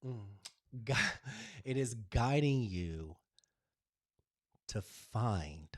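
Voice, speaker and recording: A man hosts a live stream with an ordinary mid-range voice, talking casually and affectionately to his viewers. He tells stories with lots of energy and swings between loud excitement and a soft, hushed delivery. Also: medium pitch, very slow, long pauses. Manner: casual and affectionate, calling viewers "y'all", "baby" and "honey". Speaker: channel host. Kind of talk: live-stream chat, spiritual pep talk.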